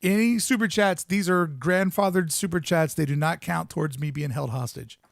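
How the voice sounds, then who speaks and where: Gravelly man chatting and laughing. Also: on the high side, normal speed, no echo. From Southern California. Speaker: podcast host. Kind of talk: casual commentary.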